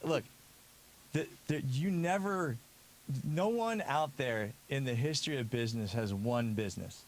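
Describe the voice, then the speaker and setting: A man with an ordinary mid-pitched voice hosts a talk show from a garage studio, thinking aloud with many restarts and a dry sense of humor. A faint hiss runs beneath his voice. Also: lively intonation, measured pace. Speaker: radio show host. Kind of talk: casual radio chat.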